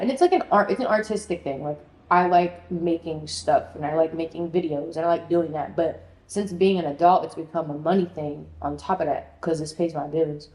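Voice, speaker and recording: A young woman in her twenties rambles in a casual apartment vlog, her low-pitched, darkish voice at normal speed. She's frantic and scattered, swearing and filling with "like," recorded in an echoey room with faint noise.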